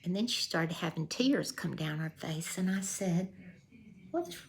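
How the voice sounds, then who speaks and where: A woman's voice: on the low side, expressive, measured pace, creaky. An older woman telling a folksy true story in a casual vlog, acting out the voices she quotes. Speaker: vlogger.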